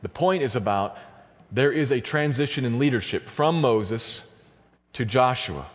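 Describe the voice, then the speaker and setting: A man's voice: animated, a little slow. Man preaching a sermon, rising to fervent emphasis, long church reverb. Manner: builds to loud, high-pitched fervor at climaxes. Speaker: pastor.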